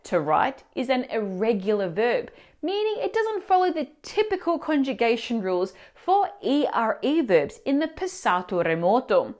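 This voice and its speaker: A woman teacher explaining grammar mistakes in clear, instructive scripted narration, asking the viewer questions. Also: on the high side, sing-song, moderate pace, hardly any pauses, a little mellow. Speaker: language teacher.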